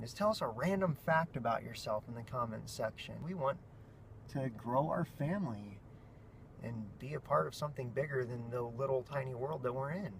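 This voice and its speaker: A man's voice: medium pitch, vocal fry. Nasal man in his thirties, rambling. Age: 30s. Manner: rambling, earnest, with self-mocking jokes. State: sleep-deprived. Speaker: vlog host and father. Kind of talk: casual vlog monologue. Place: outdoors while walking between offices. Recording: noisy street and traffic sound.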